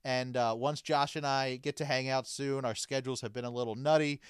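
A man's voice: medium pitch, fairly even intonation, fairly quick, clean tone, no room sound, studio quality. A man hosting a podcast, chatting casually and reading off plugs and thank-yous in an upbeat way. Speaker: podcast host. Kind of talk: casual chat and show outro.

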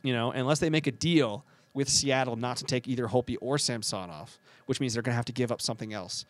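A man co-hosting a casual chat, talking fast and correcting himself as he goes. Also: mid-range voice, no room sound. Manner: rambling, quick, self-correcting. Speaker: podcast co-host.

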